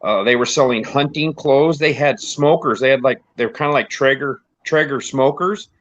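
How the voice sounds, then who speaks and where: Man, from the United States, casual rambling storyteller, laughs often, mid pitch, dull dry lo-fi sound. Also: normal speed, fairly bright tone, no echo. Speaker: podcast host. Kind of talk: casual chat.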